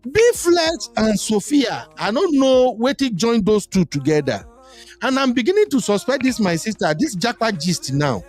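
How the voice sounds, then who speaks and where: A man with a Nigerian accent hosting a live chat show, animated and teasing, mixing Pidgin into English. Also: high voice, moderate pace, faint music behind. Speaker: host.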